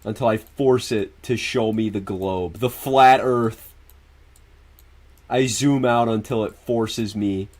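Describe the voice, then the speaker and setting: A man's voice: fairly low pitch, takes it slowly, darkish tone. Casual, profane male livestreamer. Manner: loose, profane, laughs often; answers viewers directly. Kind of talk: casual stream chat.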